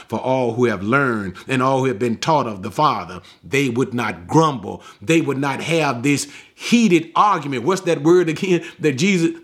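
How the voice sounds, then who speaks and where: A man's voice: mid-range voice, a bit bright. A man teaching through a bible passage verse by verse, emphatic, repeating key words and asking rhetorical questions.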